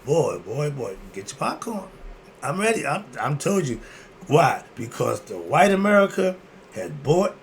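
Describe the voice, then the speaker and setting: A man's voice: a little high, big pitch swings, unhurried, a little hiss or hum. A man in his sixties hosting his own video, ranting bluntly and answering his own rhetorical questions. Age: 60s. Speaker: video host. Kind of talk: ranting monologue.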